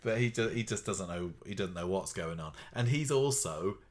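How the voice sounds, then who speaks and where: A man's voice: sits low, animated, moderate pace. A man co-hosting a podcast, recapping a soap in a rambling chat with wry asides. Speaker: podcast co-host.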